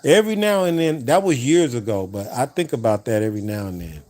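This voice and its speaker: A man's voice: mid-range voice, lively intonation, fairly quick, a little mellow. A man hosting a livestream, casually telling stories to his viewers in a rambling way, repeating words as he goes and talking straight to his audience. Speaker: livestream host. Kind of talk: casual storytelling to a live chat.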